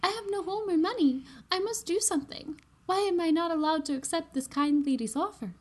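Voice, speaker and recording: A woman's voice: extremely high pitch, a little fast, voice pushed up. A woman reading aloud and voicing a helpless, orphaned young woman who pleads in breathless questions. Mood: pleading.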